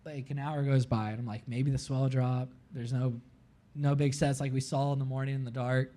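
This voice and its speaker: A Florida man guesting on a live podcast tells a long, animated story, leaning heavily on "like" and acting out his own quotes. His mid-range voice moves at a brisk clip.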